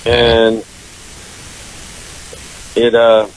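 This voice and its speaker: A man talks through a story on a radio show, lively and full of voices for his friends. His pitch sits in the middle. A faint hiss runs under the recording. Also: extremely slow, rough recording. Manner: animated storyteller, jumps into high voices for quoted friends. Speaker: country singer, guest. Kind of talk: casual storytelling interview. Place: radio studio.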